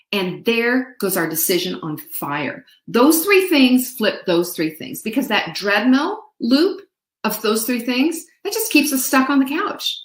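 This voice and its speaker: The host of an upbeat motivational show, a woman with a mid-range voice, chats playfully with her viewers in an echoey room. Now and then she sings a snippet or mimics someone's voice.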